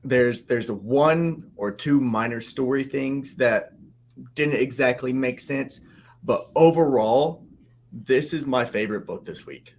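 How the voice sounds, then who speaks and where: A man co-hosting a comic book podcast, talking casually with hesitant pauses. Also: mid-range voice, a little hiss or hum. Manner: hesitant, laughs while talking. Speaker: podcast co-host. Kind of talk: casual chat.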